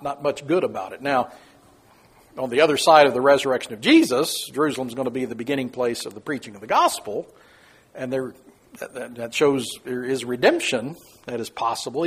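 A man teaching a Bible study in a folksy, chatty way, chuckling often and acting out quotes. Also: slightly rough. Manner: folksy, chuckling, acts out quoted lines in a high voice.

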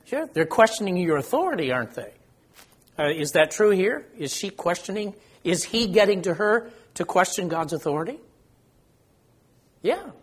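Older man leading a Bible study, husky. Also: high-pitched, animated, normal speed. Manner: conversational, asks the group questions, self-deprecating. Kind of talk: informal Bible study teaching.

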